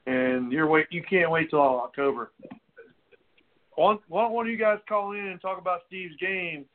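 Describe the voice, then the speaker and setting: High-voiced host on a tinny line. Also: male voice, moderate pace. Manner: loose, joking, rambling. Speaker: radio show host. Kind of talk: casual radio chat. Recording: tinny phone-like audio.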